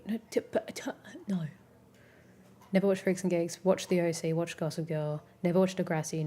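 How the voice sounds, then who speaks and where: A woman's voice: low voice, dark tone. A young Australian woman streaming, chatting casually with her viewers in a rambling, giggly way full of fillers. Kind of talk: casual chat with live chat.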